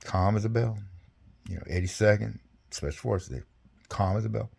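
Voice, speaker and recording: A man's voice: lowish voice, moderate pace, creaky, darkish tone, breathy edge. An older man recounting his service in a rambling, folksy way, speaking casually over a video call. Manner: rambling, folksy, salty, chuckling. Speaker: veteran interviewee. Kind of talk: casual storytelling interview.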